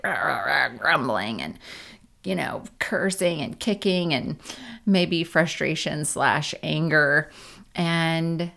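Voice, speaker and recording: Low, gravelly woman guiding a slow meditation. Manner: gentle, unhurried, with casual fillers. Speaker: meditation guide. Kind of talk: guided meditation.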